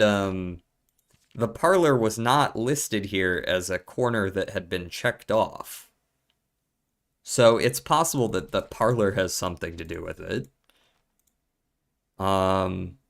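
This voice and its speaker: A man's voice: lowish voice, a bit bright. A man streaming a puzzle game, thinking aloud in a casual, profane mutter as he works through clues.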